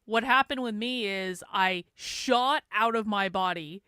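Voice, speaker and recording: A woman co-hosting a podcast, telling a personal story in casual chat, animated and quick to laugh. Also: mid-range voice, smooth, no echo, studio quality.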